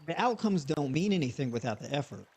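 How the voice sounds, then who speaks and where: A man hosting a live online show, talking casually and motivationally with frequent repeats and animated bursts. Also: a little high, fast talker. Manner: conversational, repeats words, rising to animated bursts.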